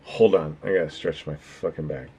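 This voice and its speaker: A man's voice: a bass voice, moderate pace, darkish tone, breathy edge. A man chatting casually on his livestream, rambling and earnest, swearing freely as he thanks his viewers. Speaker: streamer.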